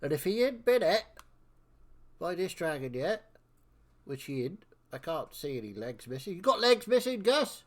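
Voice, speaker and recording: A man's voice: sits high, very animated, normal speed, voice pushed up. Man doing a bossy old woman elder. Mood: folksy. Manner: blustering, folksy rural talk.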